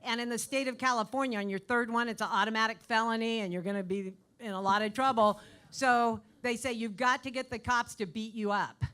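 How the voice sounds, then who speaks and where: Bright-voiced woman in her sixties, deadpan. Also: on the high side, a little fast. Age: 60s. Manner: deadpan, dry jokes. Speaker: stand-up comedian guest. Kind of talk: live comedy show banter. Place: comedy club stage.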